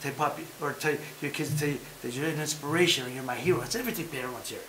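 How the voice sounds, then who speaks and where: A man hosting a casual chat show, talking in an animated, emphatic way and repeating his points. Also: on the high side, racing, roomy sound, a little hiss or hum, low-quality recording. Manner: talks about having been a fighter. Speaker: podcast host.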